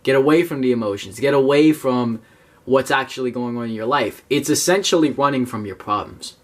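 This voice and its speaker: A man's voice: mid-range voice, a little fast. A young man giving blunt, profane advice to his viewers in a casual video talk. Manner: blunt, profane, animated, talks straight to viewers. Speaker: self-help YouTuber.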